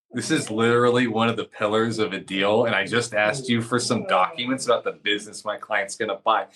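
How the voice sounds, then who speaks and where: A man co-hosting a business podcast, an attorney who talks casually with jokes and quick asides. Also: on the low side. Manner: joking, animated, quick asides.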